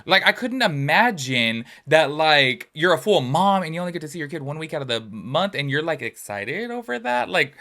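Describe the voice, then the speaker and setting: A young man runs a casual gossip commentary and talks fast and animated, packing in filler words. His voice sits a bit high and bright. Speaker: commentary channel host.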